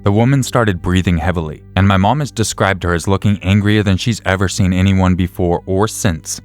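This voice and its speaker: A man reading a scripted horror story in the first person, in a measured, even way. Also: low voice, soft background music. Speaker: narrator.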